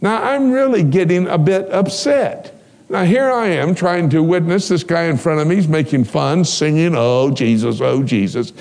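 A male preacher with a slightly high-set voice delivers a sermon. He tells stories with animation, jumping into the voices of the people in them. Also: moderate pace. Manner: animated storyteller, acts out dialogue.

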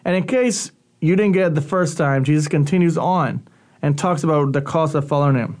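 A man with a slightly high voice gives a radio talk as a youth pastor. He teaches earnestly but conversationally, like he is talking with the listeners rather than at them. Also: a little fast, a little mellow.

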